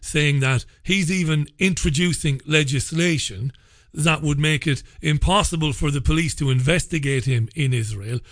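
A man with a slightly higher voice hosts a radio talk show in a chatty, opinionated style. He is recorded dry and close, with no room sound. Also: dry recording. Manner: chatty, opinionated, quick asides.

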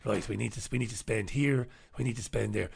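A man's voice: fairly low pitch, fairly quick, vocal fry, a little mellow, slightly rough. A man hosting a talk show, delivering a sarcastic, combative monologue and reviewing the papers, swearing freely. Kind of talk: ranting monologue and newspaper review.

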